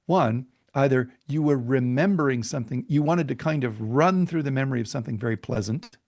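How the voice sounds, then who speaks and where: Guest: middle-aged man, medium pitch, easygoing storyteller. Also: fairly quick, gravelly, no echo. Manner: relaxed anecdotal storyteller. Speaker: podcast guest, marketing expert. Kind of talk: casual interview storytelling.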